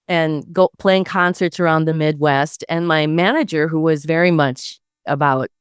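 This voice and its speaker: Smooth-voiced woman sharing spiritual reflections. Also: deep voice, dry recording, studio quality. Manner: earnest, drawn-out storytelling with trailing restarts. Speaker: guest.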